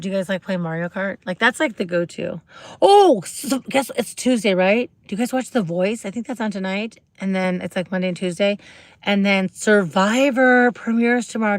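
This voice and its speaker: A woman's voice: medium pitch, normal speed, dry recording. A woman hosting a casual livestream, chatting bubbly and rambling with viewers, greeting them and asking questions. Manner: rambling, with many fillers and restarts. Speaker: livestream host.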